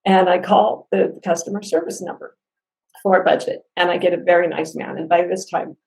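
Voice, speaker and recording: A woman telling a complaint story in a casual spoken review, animated, laughing between lines and acting out what people said, sounding upset and near tears. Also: fairly low pitch, brisk, creaky, rough recording.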